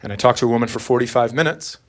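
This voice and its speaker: A man's voice: medium pitch, very fast. A man performing a stand-up comedy routine on stage, telling a story and slipping into character voices. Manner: animated storyteller who slips into character voices. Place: comedy club stage before a live audience. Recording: live club set with crowd laughter.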